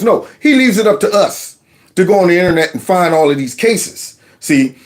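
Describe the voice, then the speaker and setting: Commentary host, man with a slightly high voice, sarcastic and mocking. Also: lively intonation, normal speed. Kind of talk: casual political commentary.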